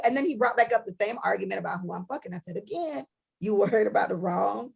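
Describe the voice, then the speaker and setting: A young woman with a slightly high, gravelly voice and a husky edge co-hosts a casual podcast. She tells her stories bluntly and profanely, acting out each side of an argument as she goes. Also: expressive, a little fast, poor audio. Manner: blunt, profane storytelling that acts out both sides of arguments. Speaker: podcast co-host.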